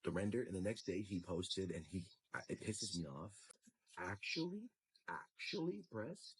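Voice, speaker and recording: A man's voice: sits low, moderate pace, slightly rough, low-quality recording. A man retelling a dispute in an exasperated storytelling rant, acting out the lines of others. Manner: exasperated, acts out quoted lines.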